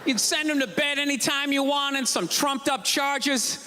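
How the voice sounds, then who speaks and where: A man doing a sarcastic, ranting stand-up routine on a comedy stage, shouting his punchlines over a live audience. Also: extremely high pitch, normal speed. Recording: live stand-up with loud crowd and room noise.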